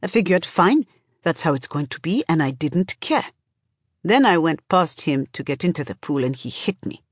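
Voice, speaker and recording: A woman reading an audiobook voices a defiant young man who speaks flatly and defensively. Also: low-pitched, moderate pace, breathy edge, dry recording, clean studio sound, heavily acted. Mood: sullen.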